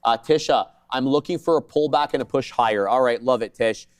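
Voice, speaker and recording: A man co-hosting a live day trading show, calling trades in quick jargon with joking asides. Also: mid-range voice, clear, resonant tone, no echo, clean studio sound.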